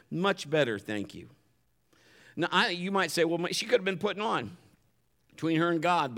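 A man's voice: a little high, fairly bright tone. A pastor preaching a sermon in a conversational way, acting out the voices he quotes.

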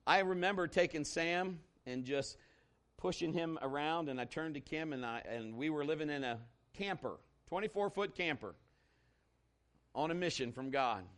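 With a fairly high pitch and normal speed, a male pastor tells a personal story as part of his sermon. He keeps it conversational and animated, going loud at times and hushed at others.

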